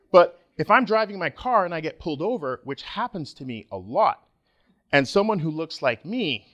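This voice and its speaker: A middle-aged man from Nigeria giving a conference talk, joking and animated with the audience. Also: high voice. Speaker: conference speaker.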